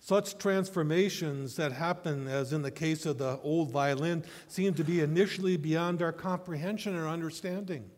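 A man pastor reading scripture and preaching a sermon, telling a story in a measured way and asking rhetorical questions. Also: a little high, darkish tone. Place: church sanctuary. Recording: long church hall reverb.

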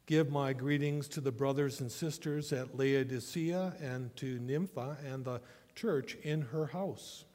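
A man pastor reading scripture and preaching a sermon, telling a story in a measured way and asking rhetorical questions. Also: mid-range voice, a little mellow. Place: church sanctuary. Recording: long church hall reverb.

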